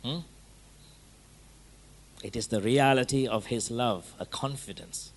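A man preaching a sermon in a conversational way, checking in with his listeners through quick rhetorical questions. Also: medium pitch.

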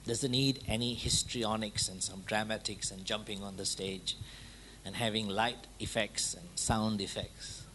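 A man's voice: lowish voice, fairly even intonation, measured pace, bright, forceful tone, slight background noise. Conversational male preacher asking rhetorical questions. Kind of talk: sermon.

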